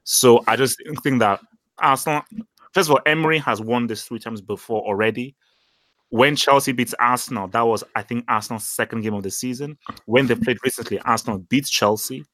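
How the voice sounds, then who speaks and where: A man's voice: medium pitch, brisk, a bit bright, no room sound. Blunt man ranting, dry close sound. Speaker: podcast co-host. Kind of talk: casual chat.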